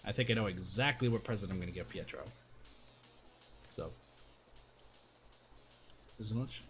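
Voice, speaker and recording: A man's voice: on the low side, a little slow, pauses often, a bit bright, soft background music. A man casually chatting to his viewers while streaming a video game, rambling and thanking chat by name. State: hiccups.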